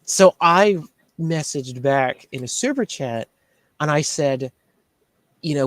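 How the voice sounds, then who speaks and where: A man's voice: animated, slow pace, pauses often, dry recording. A man telling a story in casual chat, ranting about a rival and mimicking him. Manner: ranting, mimics others in a higher voice. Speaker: shirt shop owner.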